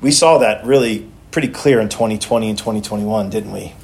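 A man's voice: on the low side, brisk, vocal fry, a little mellow. A male pastor preaching a sermon in a conversational way, often restarting and repeating words as he goes.

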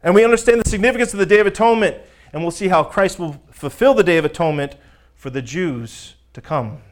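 A man's voice: high voice, fast. A male pastor preaching a teaching sermon, reading scripture aloud and talking conversationally and emphatically to his congregation.

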